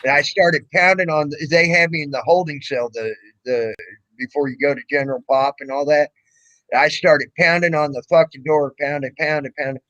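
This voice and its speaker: Profane, bright-voiced storyteller man. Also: a little high, a little fast, dry recording, low-quality recording. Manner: profane, animated, acts out quoted voices. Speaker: livestream host. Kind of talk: casual storytelling chat.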